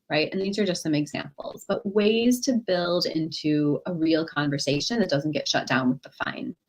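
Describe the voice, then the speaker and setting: Woman presenter, therapist leading a workshop; conversational, lively, mid pitch, acts out little example dialogues. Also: moderate pace, few pauses. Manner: conversational, often checks in with "right?" and "you know". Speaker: workshop presenter, clinical social worker. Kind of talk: online workshop talk.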